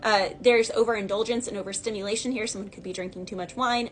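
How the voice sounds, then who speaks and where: A woman with a fairly high voice talks her way through a tarot reading. She wanders off into asides and fills the gaps with fillers. Soft music plays faintly underneath. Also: steady tone, fast talker, hardly any pauses. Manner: rambling, chatty, full of fillers and asides. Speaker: tarot reader. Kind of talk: casual channeled tarot reading.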